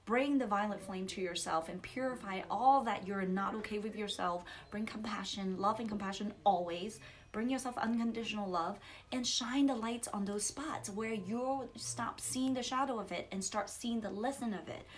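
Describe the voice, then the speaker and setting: A young adult woman giving a casual spiritual coaching talk, animated and laughing, acting out outbursts. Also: mid-range voice, moderate pace. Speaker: psychic coach.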